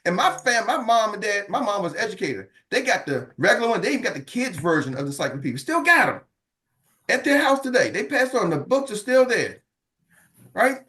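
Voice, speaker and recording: A man's voice: high voice, big pitch swings, brisk, pushed and bright. A middle-aged man giving a motivational business talk to an audience, calling out questions and acting out quoted voices. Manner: preacher-like, calls out to the audience; acts out quoted voices of others. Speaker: business coach.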